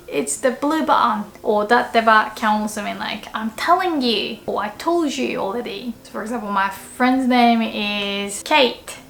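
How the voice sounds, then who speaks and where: A woman teaching in a casual video lesson, lively, sometimes jumping into cute character voices for her examples. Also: medium pitch, reverberant, slight background noise. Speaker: Japanese language teacher.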